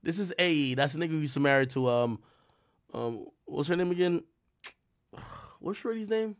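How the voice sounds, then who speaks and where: A man's voice: on the high side, lively intonation, normal speed. A man hosting a live stream, giving casual, rambling commentary full of profanity and trash talk. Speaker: livestream host.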